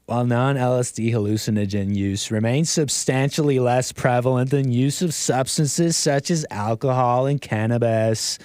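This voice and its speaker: A man putting on a dopey low stoner drawl. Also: fairly even intonation, moderate pace, few pauses, a little mellow, smooth, no echo, natural voice. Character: laid-back young male stoner, drawling. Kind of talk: mock reading and impression on a livestream.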